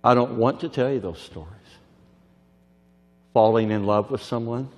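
A man preaching a sermon, dramatic and swinging from shouts down to near whispers, who keeps checking that the crowd is listening. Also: medium pitch, normal speed. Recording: long hall reverb.

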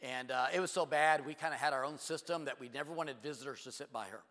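A man preaching a sermon as pastor, telling a story with animated energy and acting out both sides of conversations. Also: medium pitch, quick pace. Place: church sanctuary. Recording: long church hall reverb.

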